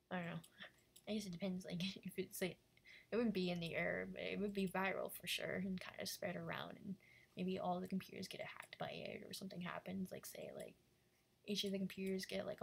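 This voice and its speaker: A woman's voice: on the low side, creaky, breathy edge. A woman chatting casually and rambling while she draws live, full of fillers and often dropping into a half-whisper. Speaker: animator drawing live.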